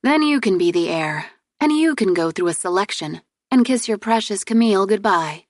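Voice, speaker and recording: A woman reader voicing a proud, exasperated young princess heir in an audiobook, with sharp, indignant retorts. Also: mid-range voice, animated, moderate pace, no echo, clean studio sound, close to an everyday voice.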